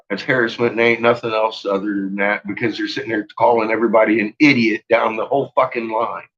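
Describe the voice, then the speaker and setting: A man hosting a livestream in a casual, profane rant, laughing often and swinging from low mutters to loud shouting. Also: muffled recording. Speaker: livestream host.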